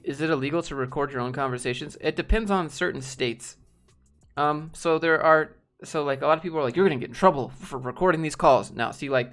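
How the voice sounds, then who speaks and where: A man's voice: fairly high pitch, fairly bright tone. A man talking casually and bluntly to his viewers, rambling with fillers and swearing now and then. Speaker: streamer talking to chat. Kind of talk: casual live-stream chat.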